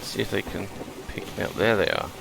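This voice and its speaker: A man's voice: lowish voice, fairly quick, creaky, background noise. A man hosting a gaming video, chatting casually and thinking aloud as he plays. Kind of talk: relaxed gameplay commentary.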